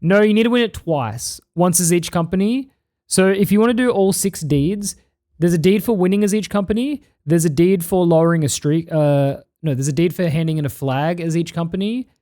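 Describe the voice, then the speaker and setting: Here an Australian man chats casually on stream, reading out viewer messages with blunt language and plenty of swearing. His high-set voice has a warm tone and moves at a fairly quick pace.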